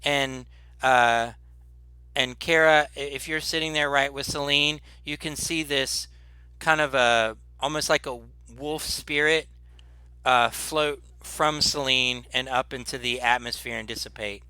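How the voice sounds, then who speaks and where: A man's voice: mid-range voice, fairly even intonation, unhurried, bright, forceful tone, clean tone, no echo. A man running a tabletop game as game master, laid-back and rambling with lots of fillers.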